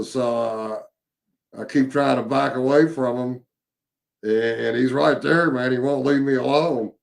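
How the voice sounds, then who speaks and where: A man telling his own encounter story in a casual, halting way, with many fillers and restarts. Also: mid-range voice, gravelly.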